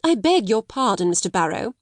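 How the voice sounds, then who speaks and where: A woman reading a storybook voices a stiff, proud middle-aged schoolmistress who talks indignantly in a raised, shrill voice. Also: very animated, normal speed, dry recording, studio quality. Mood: stiff, haughty. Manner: indignant, haughty, rising to shrill alarm.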